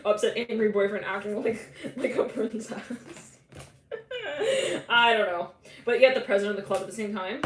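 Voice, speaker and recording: A woman giving a live psychic tarot reading in a rambling, loose way, full of "like" fillers and quick quoted voices. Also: medium pitch, expressive. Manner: rambling, many "like" fillers, quotes imagined people, laughs often. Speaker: tarot reader. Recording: echoey room with faint background noise.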